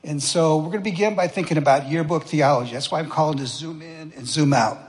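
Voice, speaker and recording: A man's voice: on the high side, fast talker. A man preaching a sermon in a conversational, folksy way, asking the congregation questions. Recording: long reverb of a church hall.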